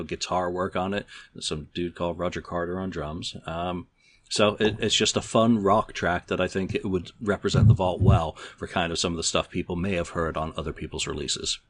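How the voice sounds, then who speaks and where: Low-voiced middle-aged guy hosting a chatty podcast, bit of hiss behind him. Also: normal speed. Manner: relaxed, chatty, steers the turns. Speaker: podcast host. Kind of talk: casual podcast chat.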